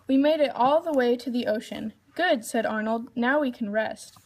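High-voiced woman reading a storybook aloud. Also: moderate pace, darkish tone. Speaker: reader.

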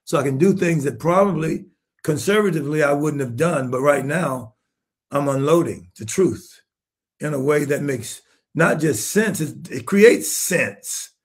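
Older guy in his 70s preaching, kinda high voice, fires off questions, gets loud then quiet. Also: a little slow. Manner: emphatic, rhetorical questions, shifts from hushed to shouting. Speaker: bishop. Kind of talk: sermon-style commentary.

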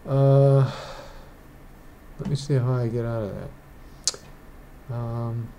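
A man's voice: medium pitch, fairly even intonation, very slow, warm tone, a little hiss or hum. A man who is a digital artist, rambling and thinking aloud as he walks through a casual painting tutorial indoors. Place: indoors, rain outside.

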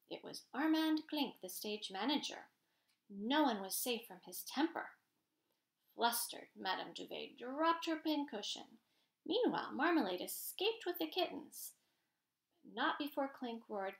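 A woman reading a children's picture book aloud, in a gentle, expressive storytelling manner. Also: a little high, a little slow, creaky. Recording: roomy echo.

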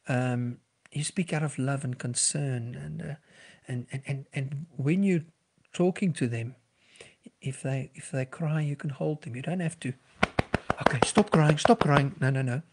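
A middle-aged man, a clinical psychologist speaking on a podcast in an earnest, gentle and reassuring way. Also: a little high, a little slow, vocal fry, slightly rough. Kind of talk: podcast talk giving advice.

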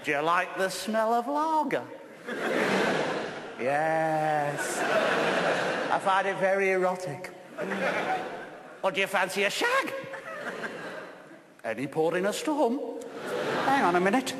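A brash English man bellows and bickers on a theatre stage, his voice pitched very high and swinging wildly. It comes through an echoey live theatre recording with a long hall reverb. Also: big pitch swings, takes it slowly, long pauses, background noise. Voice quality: loud, brash and shouty. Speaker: stage comedian. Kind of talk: live stage comedy performance.

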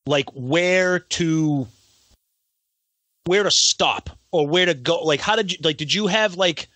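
A man co-hosts a podcast and asks long, rambling questions that keep restarting. His voice is bright and a little high. The sound is dry and close. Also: slow pace, dry recording. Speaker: podcast co-host. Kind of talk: casual podcast interview.

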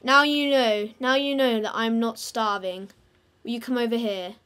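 A woman's voice: on the high side, fairly even intonation, normal speed, a bit bright. A woman giving casual gameplay commentary, playfully talking to and teasing her game animals. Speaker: gamer.

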